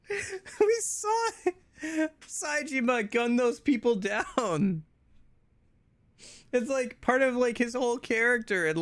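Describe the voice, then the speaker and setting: A chatty streamer talks over gameplay in a casual, ranting way, exasperated and full of filler words. The mid-pitched voice sits close to a desk mic with a dry, deadened sound and no room echo. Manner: heavy use of "like" filler. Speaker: let's-play streamer.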